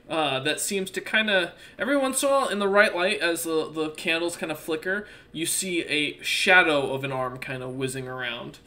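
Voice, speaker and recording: A man's voice: fairly high pitch, normal speed, bright, forceful tone. A man narrating a tabletop game as game master in a loose, casual way with lots of fillers.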